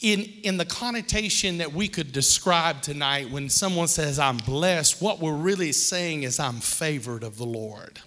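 Slow, bright-voiced pastor preaching in a hall. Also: male voice, on the high side. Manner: leads call-and-response with the congregation; joking, playful asides. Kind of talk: sermon. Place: church hall with congregation. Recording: long reverb of a large hall.

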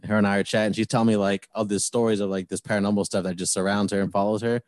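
Man, low voice, podcast co-host, relaxed storytelling, dry sound. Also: very fast, dry recording. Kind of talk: casual storytelling chat.

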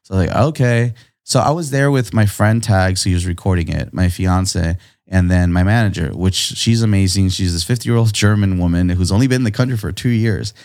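A man, a guest artist, telling a story in casual chat, laid-back and slangy, with lively jumps in pitch whenever he quotes someone. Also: a little fast. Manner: animated, jumps high in pitch when quoting people; slangy, laid-back, says dude and bro a lot.

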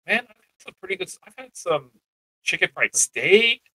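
A man co-hosting a podcast, chatting casually with playful, deadpan jokes. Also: sits high, normal speed, breathy edge, rough recording. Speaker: podcast co-host. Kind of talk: casual chat.

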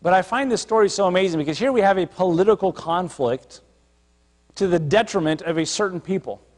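Higher-voiced pastor preaching in a reverberant hall. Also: male voice, brisk, darkish tone. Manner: conversational preaching, retelling scripture with acted asides. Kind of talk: sermon.

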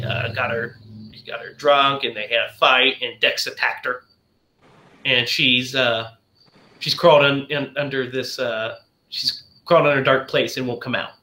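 A man's voice: mid-range voice, bright, forceful tone, reverberant. A man chatting casually on a podcast, retelling a film plot in a rambling way, full of "like" and "you know".

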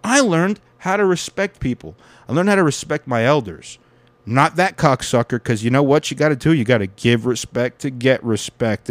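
A young man talks straight into a close microphone in a dead, dry space. He swears constantly and rants, his voice sitting at an ordinary middle pitch. He drifts into rambling stories about stand-up comedy. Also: no room sound. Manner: angry, profane ranting that settles into reflective storytelling. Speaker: podcast host and stand-up comic. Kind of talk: ranting solo podcast.

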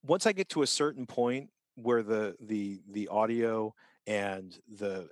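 A man's voice: fairly low pitch, slow pace, no echo. A man co-hosting a podcast in casual chat, talking in a rambling, self-interrupting way with chuckles. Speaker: co-host.

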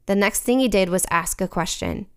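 A woman's voice: medium pitch, normal speed, clear, resonant tone. A woman giving an earnest, reflective scripted devotional reading. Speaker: devotional speaker.

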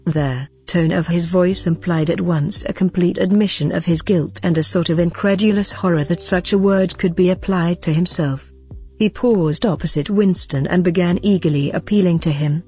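A woman reading a novel aloud as an audiobook narrator, in a measured, even manner. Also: on the low side, breathy edge, soft background music. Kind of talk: scripted narration.

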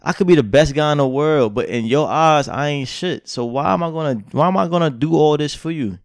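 A man's voice: fairly high pitch, brisk, dry recording, clean studio sound. A young man co-hosting a podcast in casual chat, speaking in a blunt, profane way. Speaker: podcast co-host.

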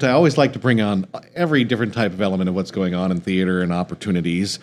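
A man's voice: mid-range voice, a little mellow. A man hosting an interview, asking friendly questions that often stop and restart. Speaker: interview host. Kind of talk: casual interview.

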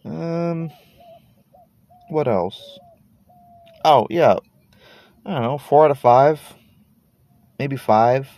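A man's voice: mid-range voice, extremely slow, long pauses, darkish tone, dry recording. A man in his thirties from Texas, rambling laid-back and cursing casually while sitting in his parked car. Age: 30s. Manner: laid-back, meandering, swears casually, trails off and repeats words. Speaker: podcast host.

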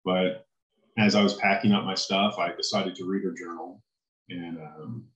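A man telling his personal faith testimony as an interview guest, in an earnest, halting way. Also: low voice, fairly even intonation, fairly bright tone, reverberant, dull audio.

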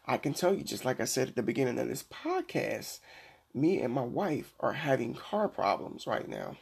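A middle-aged man hosting a Christian devotional podcast, preaching earnestly and slowing down to read scripture. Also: medium pitch, wildly swooping pitch, creaky, darkish tone, breathy edge. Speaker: podcast host.

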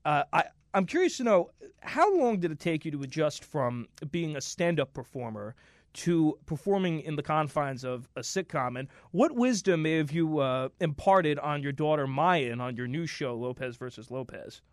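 A male podcast host asks his guest polite questions, pausing with fillers as he shapes them. His voice sits a little high and is recorded close and dry. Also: lively intonation, no echo. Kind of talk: interview questions.

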